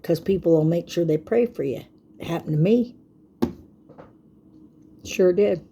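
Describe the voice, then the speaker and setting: A woman's voice: mid-range voice, a little mellow. An older woman giving a folksy, preachy faith talk to camera, often checking in with "okay?". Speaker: vlogger.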